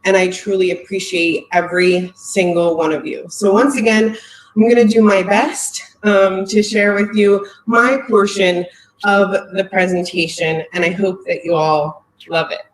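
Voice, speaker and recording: A woman's voice: mid-range voice, fairly even intonation, measured pace, roomy sound, poor audio. A woman, a company marketing executive, giving a heartfelt, emotional live presentation on a video call, close to tears.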